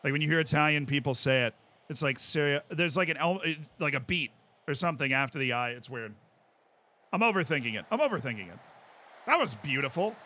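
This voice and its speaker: A man in his twenties with an American accent, chatting casually on a live stream as he plays a game and reads out chat, bursting into excited yells. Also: a little high, a little fast. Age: 20s. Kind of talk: casual live-stream commentary while gaming.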